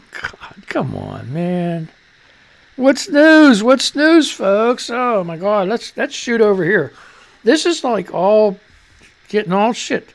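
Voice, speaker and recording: A man's voice: sits high, sing-song, takes it slowly, vocal fry, long pauses. A man hosting a live radio and stream show, rambling loosely and jokily through news headlines, muttering to himself between reads. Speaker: radio and livestream host.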